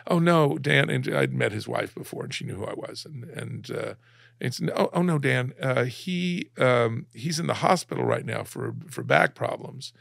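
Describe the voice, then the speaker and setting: Gravelly man telling a tearful story. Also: mid-range voice, sing-song, fairly bright tone, dry recording. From Alabama, USA. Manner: halting, many restarts, close to tears. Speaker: guest, cartoonist. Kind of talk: emotional personal storytelling.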